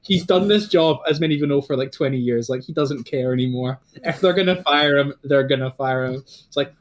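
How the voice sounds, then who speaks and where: A man's voice: medium pitch, brisk, few pauses. A man narrating a tabletop game as dungeon master, talking casually, swearing and prompting his players.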